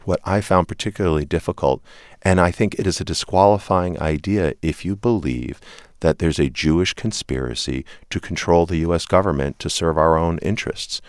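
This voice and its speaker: Very deep-voiced man, earnest and measured. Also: no room sound, studio quality. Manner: earnest, measured, opens points with "look". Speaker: interview guest, civil rights group leader. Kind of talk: broadcast interview answers.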